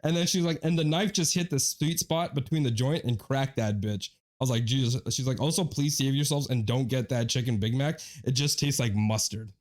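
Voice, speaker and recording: A man's voice: mid-range voice, brisk, hardly any pauses. A young man co-hosting a podcast, casually retelling a story, acting out his friends' lines and swearing often. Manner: animated storyteller, quotes friends in their voices, swears a lot. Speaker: podcast co-host.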